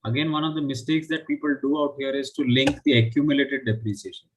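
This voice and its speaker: A man's voice: mid-range voice, fairly even intonation, quick pace, a little hiss or hum, rough recording. A man teaching a live online finance class, explaining step by step and often checking with "right?". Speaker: finance instructor.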